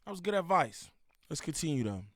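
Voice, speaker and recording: A man's voice: a little high, very animated, fairly quick, no echo, clean studio sound. A man giving blunt, slangy reaction commentary on a clip, getting heated.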